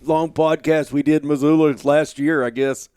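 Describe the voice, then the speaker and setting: Middle-aged guest, smooth resonant voice, dry close sound, easygoing storyteller. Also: male voice, on the high side, level tone, normal speed, darkish tone, no room sound. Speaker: podcast guest. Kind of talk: casual conversation. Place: home office.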